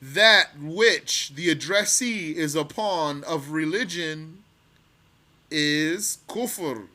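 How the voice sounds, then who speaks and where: Man, religious teacher, slow deliberate delivery, bright edge, fairly high voice, reads arabic then translates. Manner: slow and deliberate, repeating phrases. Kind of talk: line-by-line text lesson.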